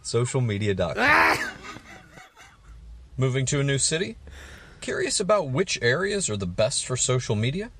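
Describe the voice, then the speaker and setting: A man doing a deadpan parody of a commercial announcer in a played-back clip. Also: medium pitch, moderate pace, slightly rough. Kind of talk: mock commercial read.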